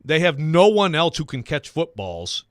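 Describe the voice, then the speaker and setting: A man hosting a sports talk radio show, rambling and self-deprecating, quick to laugh. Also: a little high, sing-song, fairly bright tone, no echo, clean studio sound.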